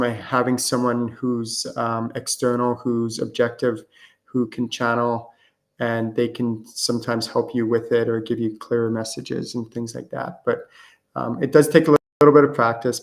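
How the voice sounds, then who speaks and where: A man hosting a live-streamed question-and-answer show, talking casually with lots of fillers and false starts. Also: medium pitch. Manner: casual, rambling with many fillers and restarts. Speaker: host and spiritual channeling teacher.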